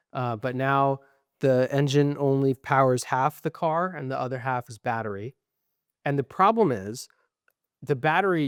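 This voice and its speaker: A young man ranting in casual podcast chat, profane and frustrated, with a middle-pitched voice. The recording is dry and close, with no room echo. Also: clean tone. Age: young adult. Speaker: podcast co-host.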